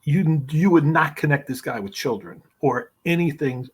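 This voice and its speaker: A man's voice: fairly high pitch, animated, moderate pace, a little hiss or hum. A man guest telling long, profane, rambling stories in casual talk on a podcast. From New York. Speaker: guest, screenwriter. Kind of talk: casual storytelling.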